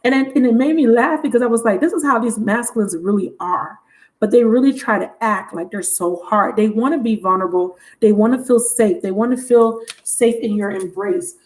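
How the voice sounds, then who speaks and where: Woman tarot reader on a livestream, frank and chatty, laughs a lot, voice on the higher side. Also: a little fast, few pauses, darkish tone. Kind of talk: casual tarot reading livestream.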